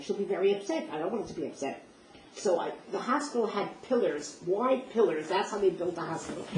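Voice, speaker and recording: An older woman recounting personal memories as a vivid, emotional first-person story, acting out the dialogue. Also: on the low side. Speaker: speaker sharing personal memories. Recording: roomy distant mic with faint noise.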